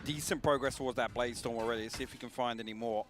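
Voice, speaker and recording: A man's voice: mid-range voice, steady tone, fast talker. A man giving color commentary on a live esports match, analytical with dry quips. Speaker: esports caster. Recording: broadcast mix with clear noise behind.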